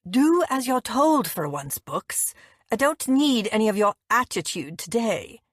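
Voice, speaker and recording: A woman's voice: fairly high pitch, sing-song, unhurried, no echo, clean studio sound. A woman narrator voicing an arrogant male movie mogul who gives curt orders. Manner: curt, commanding.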